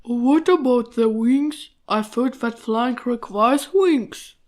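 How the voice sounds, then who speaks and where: A woman voicing a gentle, dreamy, timid male elephant who talks wistfully and hesitantly. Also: a little high, slow pace. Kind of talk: storybook voice acting.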